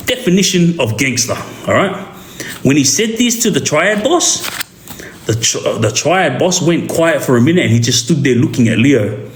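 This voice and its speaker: A man with an Australian accent telling a street story in a casual, animated way, often checking in with the listener. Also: fairly high pitch, moderate pace, a little hiss or hum. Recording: roomy echo.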